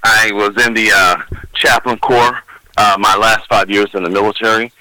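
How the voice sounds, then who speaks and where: An older man who works as Santa Claus, telling anecdotes about children in an interview with folksy warmth. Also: on the low side, level tone, normal speed, no room sound, poor audio. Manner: folksy storyteller, acts out children's voices.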